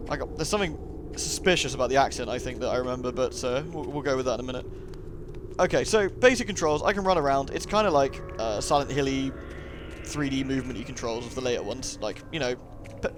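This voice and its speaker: Against a noisy background and game audio, a young man in a mid-range voice talks quickly while playing a video game. As a let's play host, he gives casual, chatty commentary full of jokes and riffing asides.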